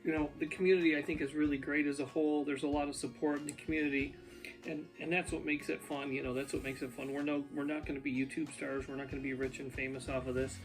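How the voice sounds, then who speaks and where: A man's voice: a little high, little pitch movement, fast, faint music behind. A man casually vlogging from his home basement, talking unscripted and rambling as he reviews food. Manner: rambling, off-the-cuff, chatty. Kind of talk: casual unscripted vlog talk. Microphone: ear pod.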